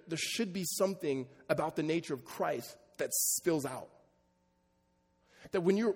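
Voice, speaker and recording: A middle-aged man preaching a sermon as pastor, conversational and joking with his congregation. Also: high-pitched. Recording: long reverb of a large hall.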